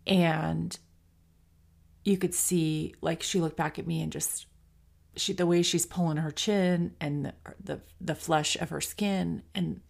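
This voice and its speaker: Her voice low, deeply gravelly, and thick with vocal fry, a middle-aged woman who hosts a podcast reflects openly on a personal story. She talks loosely, restarting often and leaning on filler words.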